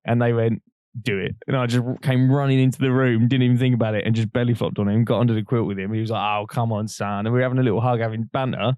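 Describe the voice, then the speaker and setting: A man's voice: medium pitch, fast, dry recording. Rambling young Englishman with a dry sound. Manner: rambling, animated anecdotes with frequent laughter. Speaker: podcast co-host. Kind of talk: casual storytelling chat.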